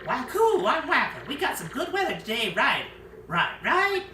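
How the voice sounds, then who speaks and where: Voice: sits high, huge pitch swings, moderate pace, bright, forceful tone, roomy sound, distant mic, soft background music, pitched above the performer's own voice, exaggerated voice. A player voicing a cheerful, eccentric man with a chirpy sing-song manner. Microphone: phone.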